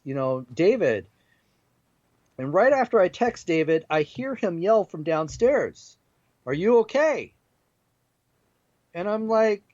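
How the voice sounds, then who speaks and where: A man's voice: fairly high pitch, darkish tone, dry recording, muffled recording. A man, a guest paranormal investigator on a talk radio show, telling a story with animation and laughing at himself. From Seattle area. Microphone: remote call.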